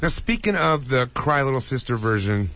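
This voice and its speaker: A man's voice: medium pitch, sing-song, normal speed, a bit bright. A man hosting a casual morning radio show, joking, teasing callers and swearing freely. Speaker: radio host.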